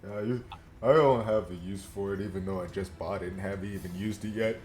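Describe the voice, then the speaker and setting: A man's voice: low voice, steady tone, brisk, noisy background. A man playing a tabletop game, talking casually and bluntly. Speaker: player.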